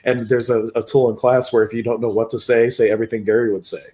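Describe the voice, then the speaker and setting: A man's voice: medium pitch, fast talker. A man hosting a casual livestream chat, easygoing and chuckling as he tells stories. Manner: easygoing, chuckles often, relaxed storytelling. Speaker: host.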